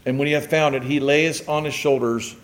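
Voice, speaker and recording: Male pastor, higher pitch, lively sermon delivery with shouted bursts. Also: a little fast. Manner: animated, shouts and acts out joyful voices.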